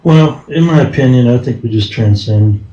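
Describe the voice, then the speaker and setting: A man calmly adding facts in a casual live chat, heard off-mic. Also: mid-range voice, normal speed. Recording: dull, roomy off-mic sound.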